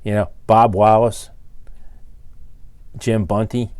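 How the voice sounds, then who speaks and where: A man's voice: on the low side, flat delivery, takes it slowly, a little mellow, clear, resonant tone, no room sound. An older man, an engine builder hosting his channel, delivers a blunt, exasperated rant scolding his viewers. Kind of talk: ranting to camera.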